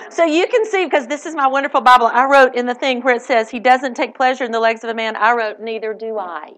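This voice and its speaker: A woman with a high, bright voice tells a personal faith story to a live audience. She is animated, laughs often and acts out the people she quotes. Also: quick pace, few pauses, a faint crowd. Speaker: speaker at a Christian event.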